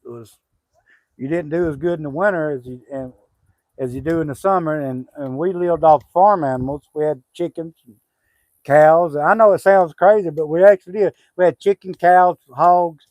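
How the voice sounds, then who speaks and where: A middle-aged man from Southwest Arkansas, talking loosely about country life on a homestead livestream. His voice sits a bit high for a man and sounds close and dry. He rambles warmly with many fillers and restarts. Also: moderate pace, dry recording, low-quality recording. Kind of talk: casual livestream chat.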